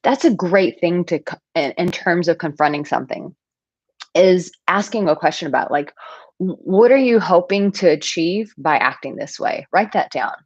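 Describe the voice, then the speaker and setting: Casting note: woman, 30s, dating coach, low and lively, dry muffled sound. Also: moderate pace, husky, no echo. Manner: animated storytelling, playful asides. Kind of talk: casual advice talk to camera.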